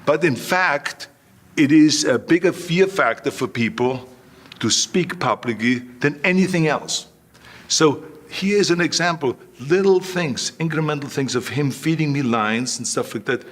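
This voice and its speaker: A man's voice: on the high side, animated, measured pace, a bit bright. A man telling stories emphatically in an interview, repeating phrases. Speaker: guest. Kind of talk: storytelling interview.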